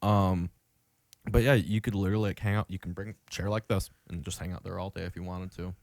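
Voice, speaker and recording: A man's voice: sits low, steady tone, fast talker, darkish tone, no echo. A young man hosting a podcast, telling a rambling, profane story full of fillers. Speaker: podcast host. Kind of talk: casual chat.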